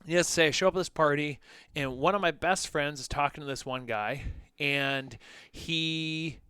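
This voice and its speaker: A man's voice: fairly high pitch, moderate pace, pushed and bright, clean tone, no room sound. A man co-hosting a podcast, telling a personal story in a loose, conversational way with lots of "like" and "you know". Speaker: podcast co-host.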